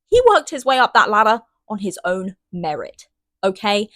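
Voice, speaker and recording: A woman's voice: medium pitch, very animated, normal speed, a bit bright, dry recording. Chatty young british girl doing a book vlog, dry close sound, gets squealy and dramatic. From Great Britain. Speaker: book vlogger. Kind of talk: casual book review vlog.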